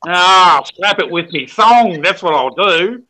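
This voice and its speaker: A man in his sixties putting on an exaggerated broad Australian bloke's voice, loud and hammed-up. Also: animated, measured pace, full character voice. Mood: boisterous. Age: 60s. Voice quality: loud, high, hammed-up drawl. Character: exaggerated outback Aussie bloke, boisterous.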